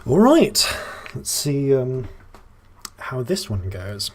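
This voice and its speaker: A husky-voiced man talks through a strategy game at a medium pitch. He muses half to himself, trailing off into fillers and dropping dry, wry remarks as he weighs each move in casual gameplay commentary. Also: wildly swooping pitch, slow. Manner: wry, musing, thinks aloud with fillers. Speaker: let's play host.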